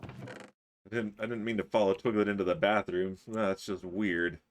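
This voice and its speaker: A man's voice: lowish voice, fairly even intonation, normal speed. A man streaming a building game, chatting casually, teasing his friends and chuckling often as he reads chat aloud.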